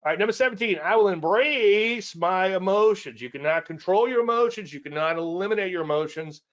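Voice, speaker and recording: A man's voice: high-pitched, brisk, a bit bright, highs cut off. A man hosting a market show, teaching casually in a rambling, conversational way with self-deprecating asides and repeated points. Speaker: trading educator and show host.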